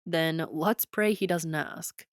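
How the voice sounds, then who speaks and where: A woman voicing a polite, composed young prince in an audiobook, speaking in a measured, formal way. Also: low voice, dry recording, clean studio sound.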